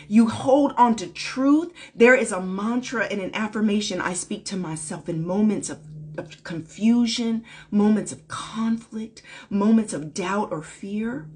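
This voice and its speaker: Husky high-voiced woman preaching live. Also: slow. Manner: emphatic, preachy, repeats lines for emphasis; casual, folksy slang. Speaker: spiritual life coach. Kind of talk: impromptu live-stream pep sermon. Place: at home, packing. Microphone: phone or webcam, going live.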